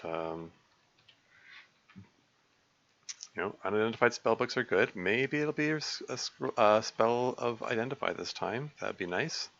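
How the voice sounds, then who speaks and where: A man's voice: mid-range voice, creaky, fairly bright tone, highs cut off. A man casually commenting on his own game stream, rambling with many fillers, restarts and small chuckles. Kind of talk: casual let's-play commentary.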